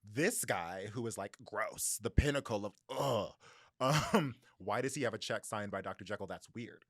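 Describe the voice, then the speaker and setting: A young man co-hosting a book podcast, retelling a story in a lively, chatty way with quick asides and little voices for the people in it. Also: on the low side, no room sound, clean studio sound. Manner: animated storytelling with voices and laughs. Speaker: podcast co-host. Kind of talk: casual book-club chat.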